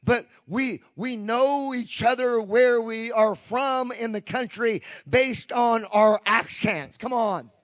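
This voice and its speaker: A man preaching a fervent sermon as pastor, calling out "come on" to the church and swinging between shouts and hushed lines. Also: very high-pitched, slow, hardly any pauses, no room sound. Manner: fervent preaching with repeated "come on" call-outs. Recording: dull lo-fi, dry sound.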